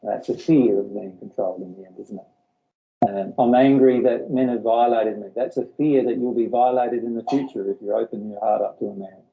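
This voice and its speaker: A man's voice: fairly low pitch, moderate pace, gravelly, phone-quality sound. A man leading a spiritual workshop, explaining earnestly and often repeating his words. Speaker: workshop teacher.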